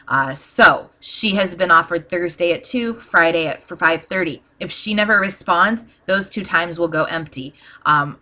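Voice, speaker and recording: A woman calmly walking through a screen-share tutorial in a plain, practical way, with frequent "um" fillers. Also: lowish voice. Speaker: small business owner teaching ad posting.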